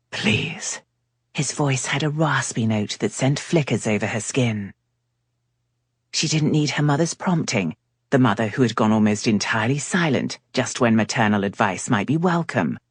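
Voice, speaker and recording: A woman narrating a romance novel with a very deep, breathy voice that moves lively through each sentence. She reads in a measured, storytelling manner, and the sound is dry and close. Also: no echo. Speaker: audiobook narrator. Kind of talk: scripted narration.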